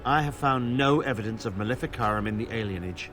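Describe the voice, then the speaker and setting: An actor playing a blind, battle-scarred older knight in a video game, speaking in formal, archaic phrases. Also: male voice, lowish voice, fast talker, a bit bright, faint music behind, lightly acted. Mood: solemn. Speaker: game character.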